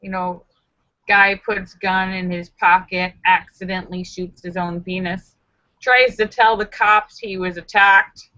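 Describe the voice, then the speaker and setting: A woman's voice: mid-range voice, steady tone, a little slow, bright, forceful tone, lo-fi sound. A woman hosting a casual live stream, chatting with viewers in a sassy, joking, self-mocking way.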